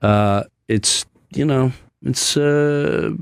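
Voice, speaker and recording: A man's voice: medium pitch, drawn-out words, creaky, smooth, no echo. A man, a guest comedian, earnestly telling a personal story in a casual studio chat and acting out what other people said.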